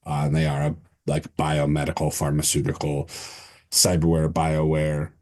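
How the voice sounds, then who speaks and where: A man's voice: rumbling low, monotone, normal speed, a little mellow. A man running a tabletop role-play as game master, describing scenes loosely with many fillers.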